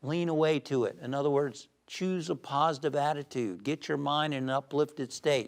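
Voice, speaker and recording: A man giving an uplifting sermon as a spiritual teacher, animated and shifting between loud emphasis and soft calm, who tells jokes. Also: on the high side, moderate pace, vocal fry, hardly any pauses. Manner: tells jokes with acted voices.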